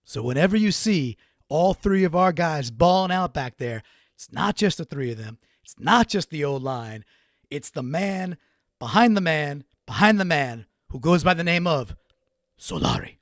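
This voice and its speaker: A man's voice: a little high, lively intonation, moderate pace, no echo, studio quality. A man hosting a solo sports recap podcast, talking in a casual, rambling way with restarts. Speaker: podcast host.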